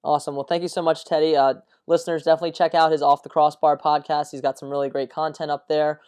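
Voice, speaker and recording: A man's voice: fairly high pitch, little pitch movement, fast talker, darkish tone, smooth. A man hosting a sports podcast, asking questions in a friendly way with lots of fillers. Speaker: podcast host. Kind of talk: casual interview chat.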